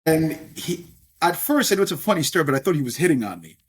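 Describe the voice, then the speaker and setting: A middle-aged man with a husky voice, a little high with big pitch swings, talks fast as a podcast guest. In this casual storytelling interview he rambles chattily and often adds "if you will".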